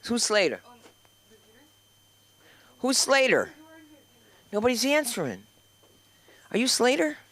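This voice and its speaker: Loud, brash older New York woman. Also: a little high, sing-song, takes it slowly, long pauses. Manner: loud, brash and self-deprecating, chatting with the crowd. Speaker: stand-up comedian. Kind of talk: rambling stand-up storytelling. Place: comedy club stage.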